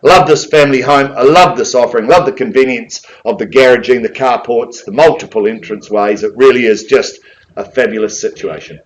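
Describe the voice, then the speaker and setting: A man with a New Zealand accent calling a live property auction in a room, mixing flowery sales patter with a rapid chant of bids. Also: mid-range voice, low-quality recording.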